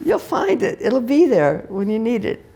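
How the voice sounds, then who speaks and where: A woman's voice: on the high side, very animated, normal speed, gravelly, warm tone, breathy edge. An older woman Zen teacher giving a candid, laughing, conversational dharma talk and answering questions. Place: meditation hall.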